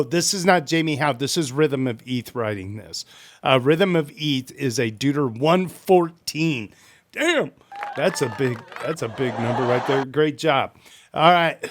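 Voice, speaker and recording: A man hosting a live stream, reading community forum posts aloud with playful asides and bits of hype. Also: mid-range voice.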